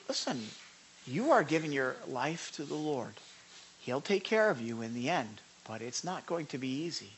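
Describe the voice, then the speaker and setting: A preacher giving a sermon, emphatic and conversational, swinging between loud declarations and hushed asides. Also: medium pitch, sing-song, moderate pace, slight background noise. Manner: conversational with repeated asides and restarts.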